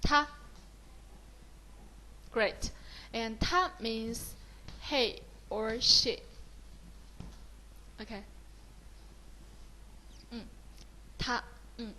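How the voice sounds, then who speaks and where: Female Mandarin tutor, Chinese accent, higher voice, patient and encouraging, switches between English and Mandarin. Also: fairly bright tone, low-quality recording. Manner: mixes English with Mandarin, praises often. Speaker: Mandarin teacher. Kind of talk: slow, encouraging beginner lesson.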